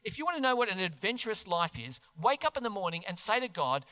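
A man preaching a sermon as pastor in a church, earnest and animated, putting questions to the congregation. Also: sits high, quick pace. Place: church hall. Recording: long hall reverb.

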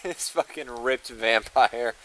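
A man's voice: medium pitch, slow, bright, forceful tone. A man co-hosting a casual podcast in a cabin, with a laid-back, profane and mumbling way of talking. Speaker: podcast co-host.

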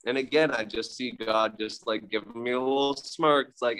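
Smooth, a bit bright and medium in pitch, a young man's voice carries fairly even intonation at a moderate pace. He's casually recounting his story at a recovery meeting, being candid, crude and self-mocking, with many filler words.

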